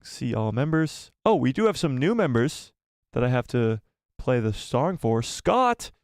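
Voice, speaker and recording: A man hosting a live stream, chatting casually and excitedly with his viewers and jumping between topics. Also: mid-range voice, moderate pace, no room sound, studio quality.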